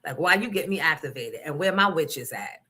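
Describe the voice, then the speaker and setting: A middle-aged woman hosting a livestream, chatting casually and telling stories in an animated, profane way, acting out the other people in them. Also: low voice, fairly quick, breathy edge. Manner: animated, profane, acts out voices in her story. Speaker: livestream host. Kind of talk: casual chat, storytelling.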